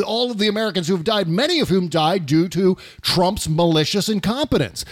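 An impassioned man hosting a political talk show, his voice sitting fairly high. He rants and swears freely in casual talk, recorded close and dry. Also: no room sound.

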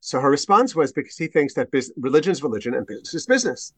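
A man who is a rabbi, speaking as a podcast guest in a thoughtful, halting way with frequent restarts. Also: fairly high pitch, very animated, husky, no room sound. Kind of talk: conversational discussion.

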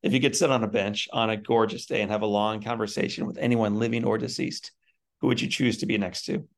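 A man hosting a casual podcast interview, asking friendly quick-fire questions. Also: lowish voice, flat delivery, gravelly. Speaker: podcast host.

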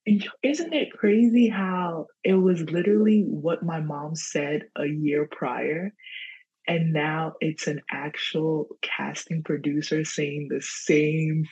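A woman with a New York accent carrying a Ghanaian touch, a guest telling her story in a casual interview, chatty and quick to laugh. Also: deep voice, steady tone, a little mellow, husky, lo-fi sound. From New York (the Bronx). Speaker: guest, entrepreneur.

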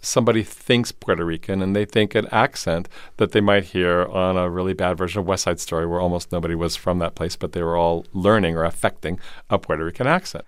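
A male professor speaking as an interview guest in a studio, with expansive, animated explanations. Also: sits low, a little fast, hardly any pauses, smooth, no room sound. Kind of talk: conversational interview.

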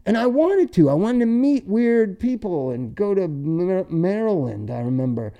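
Brief: middle-aged male podcast host, mellow dark tone, swears freely, spins tour stories. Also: high voice, moderate pace, lo-fi sound. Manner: loud, profane and animated when telling stories. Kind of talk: casual storytelling chat.

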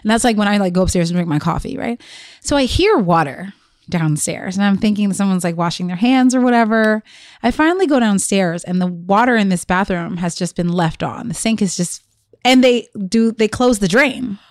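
A woman co-hosting a podcast, chatting casually and telling animated stories about her kids. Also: mid-range voice, fairly quick, dry recording, clean studio sound. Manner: animated storytelling with quoted voices. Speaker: podcast co-host. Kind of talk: casual chat.

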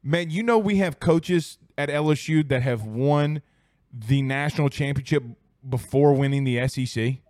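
A man's voice: mid-range voice, normal speed, a little mellow, dry recording, studio quality. A man hosting a casual sports talk stream, joking and laughing easily. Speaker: sports show host.

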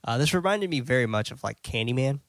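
A man hosting a podcast, recapping a film scene by scene in a loose, chatty way with plenty of fillers and quick self-corrections. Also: mid-range voice, no echo. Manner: blunt and excitable. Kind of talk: casual scene-by-scene movie recap.

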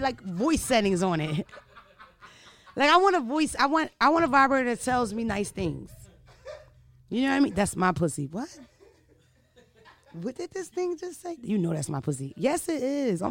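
A woman hosting a casual chat, telling stories in an animated, laughing and profane way. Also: a little high, normal speed. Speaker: podcast host.

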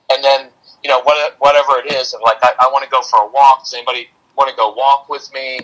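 Guy with a husky voice chatting on a podcast about parenting, down to earth, a bit of dry sarcasm. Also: mid-range voice, flat delivery, quick pace, few pauses, a bit bright, rough recording. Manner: practical, dry sarcastic humor, talks in analogies. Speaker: parenting coach, podcast guest. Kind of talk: casual podcast conversation.

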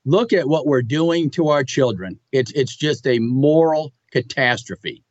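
A man's voice: mid-range voice, expressive, unhurried, no echo. Man on dull, dry remote line. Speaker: economics guest. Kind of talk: remote guest on a talk show.

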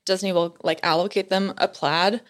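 A woman's voice: fairly low pitch, fairly even intonation, normal speed. A young woman chatting on a podcast as a guest, telling a story with a lot of giggles. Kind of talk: casual chat.

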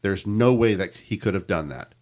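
A man hosting a podcast, reading a news account aloud to his co-hosts in a measured storytelling way. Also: on the low side, a little mellow. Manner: measured storytelling with quoted reports. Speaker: podcast host telling the story.

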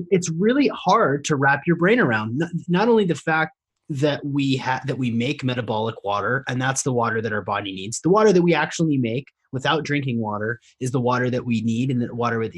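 A male podcast host speaks in a casual, halting way and often restarts his sentences. His pitch is average, and he sounds like an everyday conversational voice. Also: husky. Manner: halting, searching for words. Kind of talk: casual interview talk.

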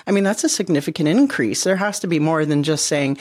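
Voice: medium pitch, brisk, hardly any pauses, a little mellow, no echo. Podcast host with a dry close sound. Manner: engaged, reacting with short affirmations. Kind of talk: interview conversation.

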